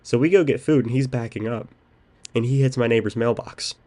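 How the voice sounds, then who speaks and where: A young male podcast host with a mid-range voice speaks briskly over background noise. He's telling a story in casual chat, rambling along with lots of "um"s.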